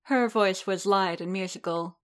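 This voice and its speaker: A woman reading a story aloud in a measured, steady narrating manner. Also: mid-range voice.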